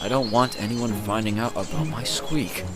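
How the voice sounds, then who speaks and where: A man's voice: fairly low pitch, moderate pace, loud music behind the voice, lightly acted. A man voicing a proud, boastful big male express engine who talks in a pompous, huffy way.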